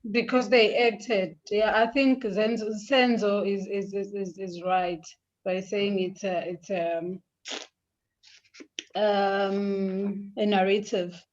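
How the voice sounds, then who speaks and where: A woman's voice: medium pitch, fairly even intonation, slow pace, muffled recording. A female student answering in class, hesitant and giggly, restarting her words.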